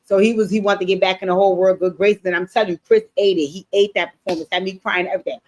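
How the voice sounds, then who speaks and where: A woman giving a casual recap of a TV episode, animated and blunt, swearing freely and talking straight to her viewers. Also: medium pitch, very fast. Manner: animated, blunt and profane, addressing viewers directly. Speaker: TV show recap streamer. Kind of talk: casual show recap commentary.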